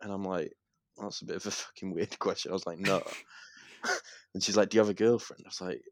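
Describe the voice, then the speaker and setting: Young man, very low voice, dry close sound, casual podcast storytelling. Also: a little fast, no room sound. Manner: animated storytelling, swearing and laughing. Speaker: podcast co-host.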